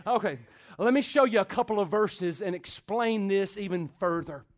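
Pastor, high voice, middle-aged, preaches with dramatic pauses and hushed-to-loud swings. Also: male voice. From Texas. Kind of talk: sermon.

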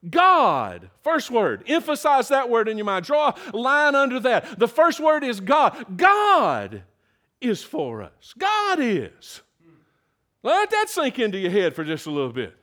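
An older man preaching a sermon in a folksy, emphatic way that builds to loud peaks. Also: extremely high pitch, big pitch swings, moderate pace, hardly any pauses.

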